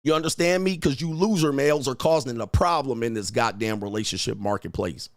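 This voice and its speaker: A man's voice: mid-range voice, brisk, no echo, clean studio sound. A man hosting a livestream, berating his viewers in a profane rant full of insults and repeated taunts. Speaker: livestream host and dating coach. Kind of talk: ranting at live chat.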